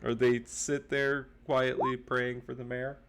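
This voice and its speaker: A man narrating as game master of a tabletop game, setting scenes in a relaxed, amused way. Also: mid-range voice, measured pace, vocal fry, smooth.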